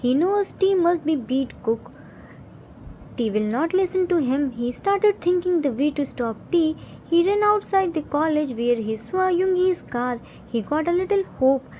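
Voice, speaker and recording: A woman reading a fan fiction story aloud in plain, steady narration. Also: extremely high pitch, moderate pace, a little hiss or hum, rough recording.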